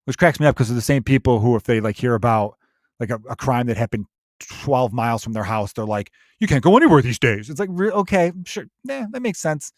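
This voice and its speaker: Man, podcast host, swearing rant, animated, dry booth mic. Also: medium pitch, fairly quick, no echo. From Chicago, USA. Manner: profane, animated ranting with mocking put-on voices. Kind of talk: solo comedic rant.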